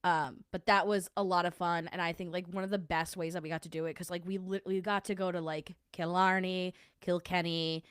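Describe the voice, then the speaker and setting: A woman's voice: on the low side, flat delivery, fairly quick, few pauses, fairly bright tone, clear, resonant tone, no echo, studio quality. A woman in her thirties hosting a casual lunch-break chat, rambling and laughing with many likes and fillers. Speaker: podcast host.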